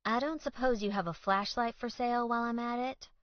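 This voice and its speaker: An exasperated young woman, as a female narrator reads her, politely sarcastic and increasingly fed up. She sits a bit higher than the narration. The sound is dry and slightly dull. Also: steady tone, brisk, no room sound, lightly acted. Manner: polite but irritated, sarcastic.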